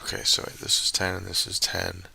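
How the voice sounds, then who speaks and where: Low gravelly man muttering over a game. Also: a little fast, sharp tone. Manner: muttering, frustrated, talks to himself. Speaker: live streamer. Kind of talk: casual live-stream commentary while playing.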